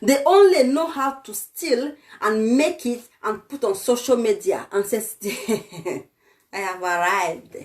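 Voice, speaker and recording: A woman's voice: a little high, lively intonation, slow, darkish tone. A young Nigerian woman ranting on a vlog, insulting and scolding her viewers in a fiery tone. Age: young adult. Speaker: vlogger.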